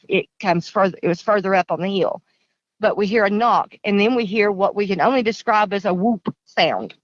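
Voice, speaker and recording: Woman, Kentucky accent, earnest rambling storyteller, mid pitch, lo-fi call sound. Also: no echo. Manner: earnest, rambling, repeats herself. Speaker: caller. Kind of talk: casual storytelling.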